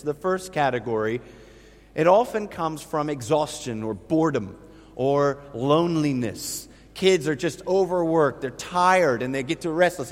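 Middle-aged man preaching with hall reverb. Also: a little high. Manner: storytelling, emphatic, lively. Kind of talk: sermon. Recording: long reverb of a large hall.

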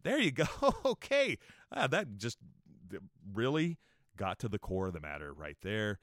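Foul-mouthed male podcast host, heated mocking rant, animated delivery, dry booth. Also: lowish voice, moderate pace, no room sound. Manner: angry, swearing, mocking whiny voices. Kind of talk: profane casual podcast rant.

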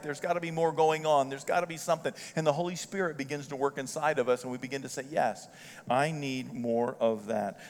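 An older man preaching a sermon as pastor, telling folksy stories with strong emotion that swells loud and high. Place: church sanctuary. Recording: church hall reverb.

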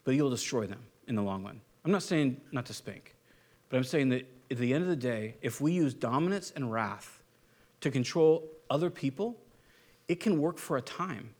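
A man's voice: mid-range voice, animated, moderate pace, a little mellow. Conversational male pastor preaching. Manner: conversational preaching with rhetorical questions. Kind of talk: sermon.

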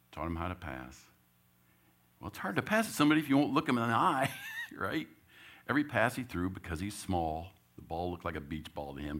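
A middle-aged man, a church elder, telling a story in a sermon, chuckling often and acting out the voices of the people in it. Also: low-pitched. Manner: animated, laughs often, acts out quotes.

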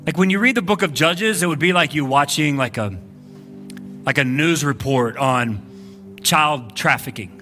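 A male pastor gives a lively, conversational sermon to a church congregation. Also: on the high side, moderate pace, soft background music. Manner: energetic, conversational preaching with frequent "like". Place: church sanctuary. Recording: live church service recording.

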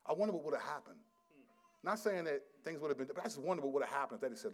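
A middle-aged male pastor giving a sermon, swinging from quiet, low asides to loud, emphatic scripture reading. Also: expressive, fast talker. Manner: reads scripture aloud with rising intensity.

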